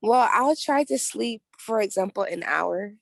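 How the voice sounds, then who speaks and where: A woman's voice: medium pitch, lively intonation, unhurried, gravelly, a bit bright, dry recording. A woman truck driver speaking plainly in a podcast chat.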